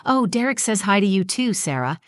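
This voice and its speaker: A woman's voice: medium pitch, big pitch swings, brisk, dry recording, clean studio sound, close to an everyday voice. Smug, patronizing bride-to-be voiced by a woman narrator. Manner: preachy, patronizing.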